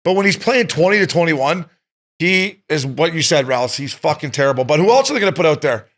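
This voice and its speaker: A male podcast co-host talks quickly in a slightly high voice. He swears freely and laughs often in loose, crude banter. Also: animated, fairly bright tone. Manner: fast, profane, laughing often. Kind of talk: crude casual chat.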